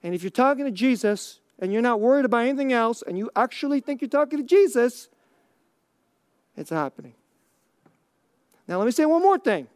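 A man preaching a conversational sermon, chuckling often and dropping to a near hush on key lines. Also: very high voice, very animated, brisk, pauses often, clean tone, dry recording, studio quality. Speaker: pastor.

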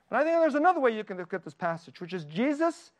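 A man preaching a sermon in an earnest, tender way, often laughing lightly and dropping his voice soft for quoted lines. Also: extremely high pitch, highs cut off. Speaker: pastor.

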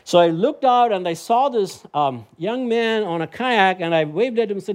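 Male preacher, fairly high pitch, animated sermon delivery with personal storytelling. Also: normal speed. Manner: animated, climbs to emphatic heights when storytelling and preaching.

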